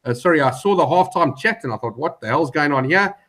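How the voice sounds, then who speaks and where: Animated male panelist telling a story. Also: on the high side, quick pace. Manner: animated storytelling, repeats words. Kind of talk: casual betting chat.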